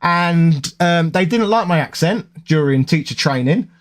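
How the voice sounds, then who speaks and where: A man's voice: fairly high pitch, expressive, a little slow. A man with a London accent, chatting casually and rambling to his viewers. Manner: rambling, conversational, self-correcting. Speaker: gaming YouTuber.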